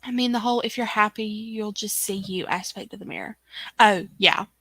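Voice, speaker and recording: A woman's voice: medium pitch, fairly even intonation, moderate pace, a bit bright, no echo. A woman hosting a casual livestream chat, reading viewer comments aloud in a chatty way. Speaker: book club host.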